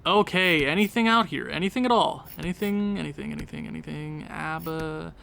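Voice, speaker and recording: A man's voice: a little high, fairly quick, gravelly, pushed and bright. A young Canadian man giving casual, rambling commentary on a game, talking to himself with jokey asides. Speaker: gaming video creator.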